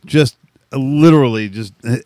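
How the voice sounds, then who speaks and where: A middle-aged man telling a rowdy story in casual chat, animated, swearing freely and laughing often. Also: medium pitch, normal speed, dry recording, studio quality.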